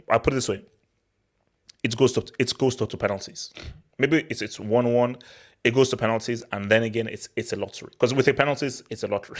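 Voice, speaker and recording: A young man from Nigeria hosting a casual football talk, excitable and prone to repeating words as he restarts his sentences. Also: mid-range voice. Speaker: football channel host. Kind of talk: casual football commentary monologue.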